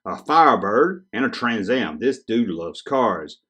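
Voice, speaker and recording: A man's voice: on the low side, big pitch swings, unhurried, a bit bright, husky. A man hosting a podcast, reading children's letters aloud in a casual, joking way with teasing asides. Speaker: podcast host.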